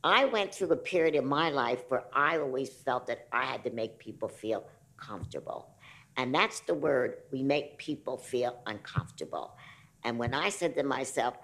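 A woman with a remarkably deep voice speaking on a panel, her pitch rising and falling a lot. She talks bluntly and with emphasis, pressing her points home. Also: lively intonation, normal speed, a bit bright. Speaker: panelist, disability rights activist. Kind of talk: panel discussion. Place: festival screening venue.

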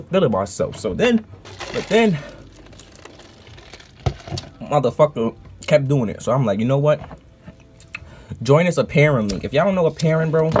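A man who streams, telling a story in a casual, animated and profane vlog rant. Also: mid-range voice, a little hiss or hum.

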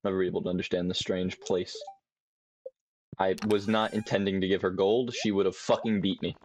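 A deep, steady, slightly mellow voice moves fairly quickly over a bit of hiss or hum. It belongs to a young man streaming a farming game via desk mic and webcam, cursing freely and rambling to himself in casual commentary.

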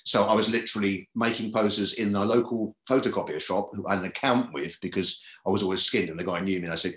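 Deep-voiced man in a roomy echo. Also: fast, few pauses, a bit bright. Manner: rambling, repeats phrases. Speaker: comedy club booker and comedian. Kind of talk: podcast interview storytelling.

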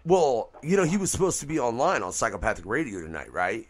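A man hosting a casual podcast radio show, talking loosely and swearing freely, his voice leaping up when he gets excited. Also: mid-range voice, fast. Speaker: podcast host. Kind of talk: casual profane radio chat.

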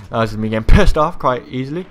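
A young man commentating his own gameplay, swearing freely, yelling at other players and boasting in jest. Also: mid-range voice, slight background noise. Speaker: gaming channel host.

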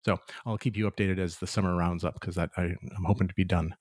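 A man with a lowish voice chatting easily as a podcast co-host, stopping and restarting with fillers as he goes. The sound is dry and close to the mic. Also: dry recording. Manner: relaxed, halting with fillers. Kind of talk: casual chat.

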